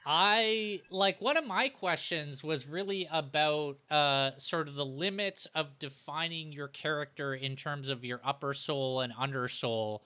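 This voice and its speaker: A man's voice: fairly high pitch, a little slow, hardly any pauses, sharp tone, clear, resonant tone. A man co-hosting a podcast, asking curious, joking questions in a casual chat. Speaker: podcast co-host.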